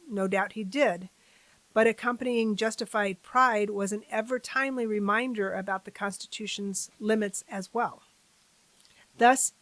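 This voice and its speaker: A woman hosting a civics channel, reading a formal testimony aloud at a deliberate pace and breaking off for chatty asides to her viewers. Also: mid-range voice, no echo, poor audio.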